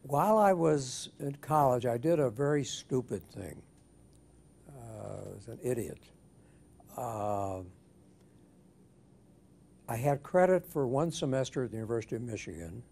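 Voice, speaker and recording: Older man, oral history interviewee, mellow warm tone, measured reminiscing. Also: medium pitch, lively intonation, vocal fry. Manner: measured, thoughtful, frequent restarts and fillers.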